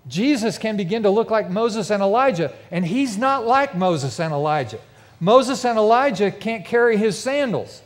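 A man's voice: sits high, animated, moderate pace. A man preaching a sermon in a large church with a mezzanine, telling a vivid, emphatic story to his congregation. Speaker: pastor. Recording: long reverb of a big church hall.

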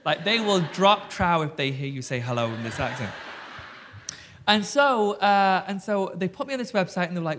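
A man in his thirties with a Yorkshire accent, an animated and cheeky storyteller who talks on stage with lots of fillers. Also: sits high, normal speed, slight background noise. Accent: English Yorkshire. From England. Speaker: guest author. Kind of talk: live stage conversation. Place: theatre stage before an audience.

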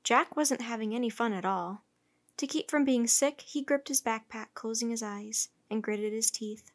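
A woman reading a children's chapter book aloud in steady, clear narration. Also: on the high side, moderate pace. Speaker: storyteller.

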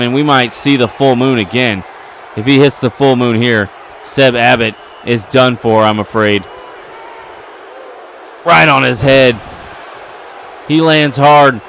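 A man giving excitable play-by-play commentary over a wrestling video game, getting louder at the big moments. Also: medium pitch, measured pace, pauses often, a little hiss or hum. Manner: excitable, building to yelling at near falls.

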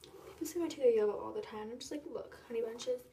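A woman's voice: fairly high pitch, very fast, vocal fry, mellow, a little hiss or hum. A teenage girl vlogging at home at night. She rambles loosely, piles up fillers and drifts into half-whispers. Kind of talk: casual nighttime vlog.

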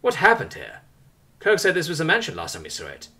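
Agitated, embarrassed young man in a sci-fi audiobook, voiced by a man, bright. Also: fairly high pitch, huge pitch swings, a little fast, vocal fry, pitched above the performer's own voice, exaggerated voice. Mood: protesting. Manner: protesting, agitated.

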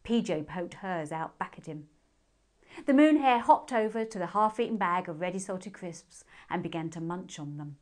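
Lively British woman reading a children's story. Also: fairly low pitch, moderate pace. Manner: expressive, lilting.

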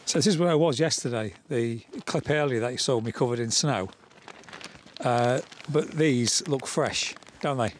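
A man's voice: medium pitch, moderate pace, a little hiss or hum. A man co-hosting a vlog outdoors in the snow, joking and laughing as he talks. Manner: jokey, laughs often, restarts sentences. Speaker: vlog co-host. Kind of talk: casual outdoor chat.

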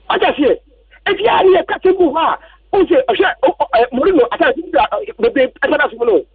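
Calling in to a sports radio program, a man with a very high, expressive voice talks briskly, agitated and going over the same grievances about the national coach again and again. The recording is dry, and the phone line sounds tinny and far away.

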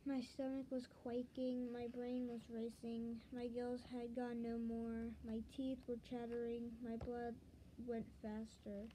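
A woman's voice: fairly high pitch, monotone, a little slow, dark tone, slight background noise, poor audio. A woman reading her own story aloud in an earnest, dramatic storytelling manner.

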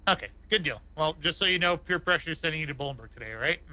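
A man playing a police officer in roleplay, brisk and commanding. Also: a little high, lively intonation, pushed and bright, no room sound, highs cut off.

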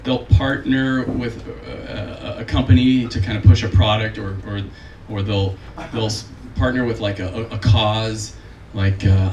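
A man in his forties performing a self-deprecating stand-up comedy set, with a deadpan delivery. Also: unhurried, a little hiss or hum. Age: 40s. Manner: self-deprecating, deadpan delivery with high put-on voices for quoted people. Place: comedy club stage with live audience. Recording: roomy, distant mic, crowd audible.

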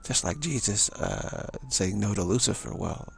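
A man telling a rambling spiritual story in a halting way, often repeating words and restarting. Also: on the low side, animated, gravelly, a little hiss or hum.

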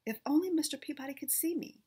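A woman reading a children's storybook aloud in first person, expressive, with small restarts. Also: high-pitched, quick pace, background noise.

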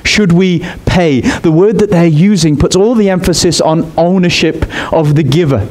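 A male preacher with a fairly high voice gives an expressive sermon. He pushes his pitch upward when he presses a point, then settles back down to explain. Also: moderate pace.

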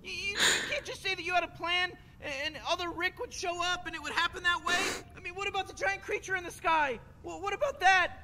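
Whiny stammering teen boy in a game, very high-pitched. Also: fairly even intonation, fast talker, hardly any pauses, sharp tone, full character voice. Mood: anxious protesting. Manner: stuttering, whiny, repeats words. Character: anxious stammering teenage boy sidekick. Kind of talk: video game character dialogue.

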